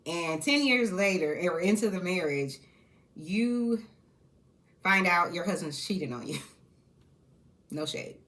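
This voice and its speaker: A woman giving casual, candid commentary on a reality show, sassy and outspoken, with quick asides. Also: fairly low pitch, lively intonation, a bit bright.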